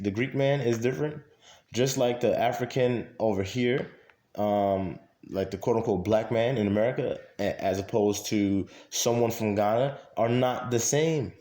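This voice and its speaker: This man's voice sits on the low side and sounds dark as he vlogs to the camera in a room with echo. Casual yet emphatic, he leans on lots of fillers and says things more than once.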